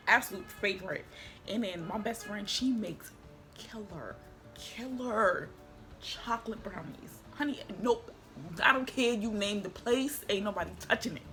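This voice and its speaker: A young woman, vlogging at home in a casual, slangy way that turns emotional at times. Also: mid-range voice. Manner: chatty, slangy, emotional, quietly tearful at times. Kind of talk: casual chat.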